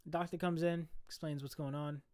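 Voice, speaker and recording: Young guy telling a story, slangy, swears a lot, kinda high voice. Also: moderate pace. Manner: profane, animated, slangy. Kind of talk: casual storytelling.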